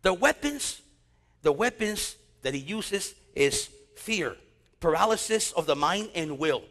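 Male pastor, animated preaching, high lively voice, long reverb of a big hall. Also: measured pace. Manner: animated preaching with storytelling asides. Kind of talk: sermon.

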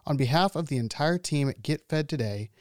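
A male announcer reading the scripted opening of a daily Bible-study podcast in a smooth, even delivery. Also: fairly high pitch, a little fast, no room sound, studio quality. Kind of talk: scripted show intro.

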